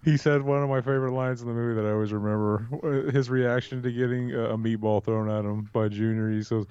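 A man's voice: medium pitch, steady tone, fast, dark tone, clean tone, dry recording, muffled recording. A man co-hosting a podcast, chatting crudely and with lots of profanity about a film. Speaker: podcast co-host. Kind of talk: casual film-review chat.

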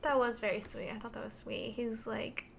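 A woman's voice: on the high side, flat delivery, normal speed, vocal fry, noisy background. A woman co-hosting a casual book review chat, retelling scenes in a chatty, giggly way. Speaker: podcast co-host reviewing a book.

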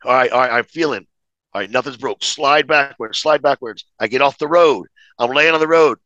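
Male podcast guest, bright and punchy, animated profane storyteller. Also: mid-range voice, fast, dry recording, muffled recording. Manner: animated, profane, acts out every exchange. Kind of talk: casual storytelling.

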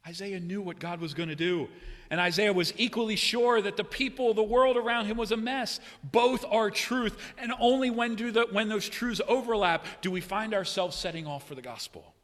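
Bright-voiced preacher man in a reverberant hall. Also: brisk. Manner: dynamic preaching, swinging from loud cries to hushed low tones. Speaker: pastor. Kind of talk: sermon.

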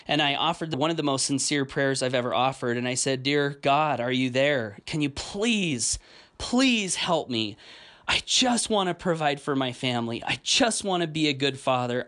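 Podcast host, male, forties: sincere personal storytelling, voice sits a bit high, heartfelt delivery. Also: fairly bright tone. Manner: earnest, emotional retelling with frequent restarts.

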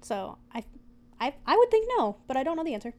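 A woman's voice: high voice, sing-song, fast talker, dark tone. A young woman co-hosting a casual chat, reading notes aloud and then riffing on them with giggles. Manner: chatty, giggly, reads aloud then riffs. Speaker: podcast co-host.

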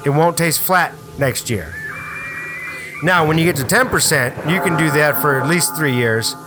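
A man hosting a casual beer-review podcast, animated and profane as he tells stories. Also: fairly high pitch, moderate pace, over music. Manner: animated, swearing storyteller. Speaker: podcast host. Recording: noisy room.

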